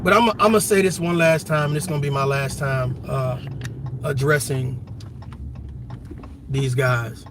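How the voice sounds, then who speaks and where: An army veteran hosting a livestream, talking passionately in a blunt, repetitive, profane way. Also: male voice, mid-range voice, fairly even intonation, unhurried, pauses often, background noise. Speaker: livestream host.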